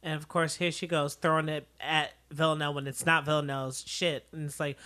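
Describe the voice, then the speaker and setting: A podcast co-host talks casually and reacts emphatically to a TV episode. The voice is bright and a little tense, with its pitch in the middle range. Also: level tone, a little fast, few pauses. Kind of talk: casual chat.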